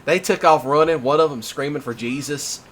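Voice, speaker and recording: A man hosting a casual chat, telling stories in an animated way, laughing often and swearing freely. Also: a little high, fairly quick, a little hiss or hum. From Mississippi. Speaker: host.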